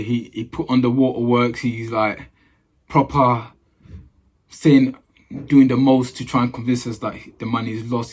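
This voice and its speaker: A man tells a story to camera in casual slang, circling back over his own phrases. His voice is low and husky. He speaks in a flat, even tone. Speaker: footballer.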